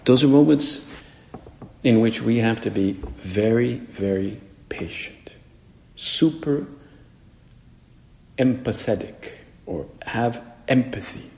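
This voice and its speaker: A man's voice: medium pitch, unhurried, gravelly, a little mellow. A man, a priest, preaching a homily in a conversational way and acting out the voices he quotes. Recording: echoey hall with long reverb.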